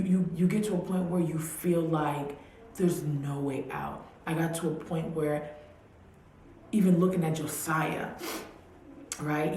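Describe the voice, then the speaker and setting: A low-voiced woman tells her personal story slowly, circling back over her phrases and at times sinking to a near-whisper. Her voice rings through a very echoey room, with a faint hiss underneath. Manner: emotional, repeats phrases, drops to a hushed near-whisper. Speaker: vlogger. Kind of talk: personal testimony.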